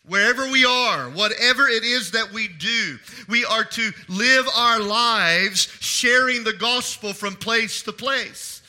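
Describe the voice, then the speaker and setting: A middle-aged man with a very high voice and sharp tone preaches as pastor. He puts questions to the congregation and pauses for responses, repeating key phrases for emphasis.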